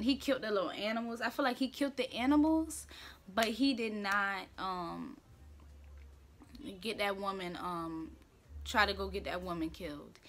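A young woman with a mid-range, fairly bright voice hosts a casual talk show from a room at home. She's chatty and playful, full of opinions, slang and filler words.

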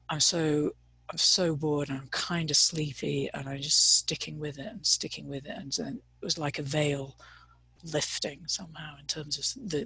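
A woman's voice: sits low, sharp tone, breathy edge, no echo. A woman leading a meditation discussion on a video call, talking hesitantly and searching for words. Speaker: meditation teacher. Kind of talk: casual teaching talk on a video call.

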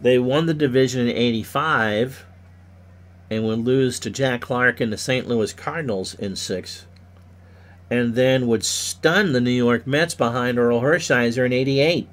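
Stuffy man calling baseball. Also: unhurried. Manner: rises loudly on hits, drops low for asides. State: stuffy from sneezing. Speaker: play-by-play commentator of a simulated game. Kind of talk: solo play-by-play commentary.

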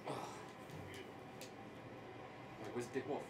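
A man's voice: takes it slowly, a little mellow, slight background noise. A young man playing a football video game, teasing his opponent and laughing constantly. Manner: giggly, teasing, laughs a lot. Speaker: gamer co-host. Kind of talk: casual gameplay banter. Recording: echoey room.

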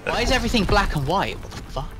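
A man's voice: high voice, very animated, quick pace. A man gaming with friends, joking sarcastically and swearing into a headset mic. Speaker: gamer. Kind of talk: casual gaming banter.

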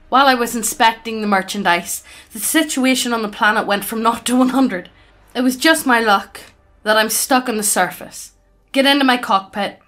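Bright, slightly high woman reader; casual, stumbles on names. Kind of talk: reading stories aloud casually.

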